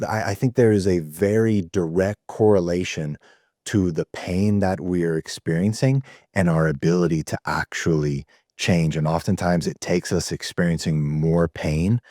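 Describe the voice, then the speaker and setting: Deep male guest, earnest storyteller, dry video-call sound. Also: steady tone, moderate pace, darkish tone, dry recording. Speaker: guest, men's community founder. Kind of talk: conversational storytelling.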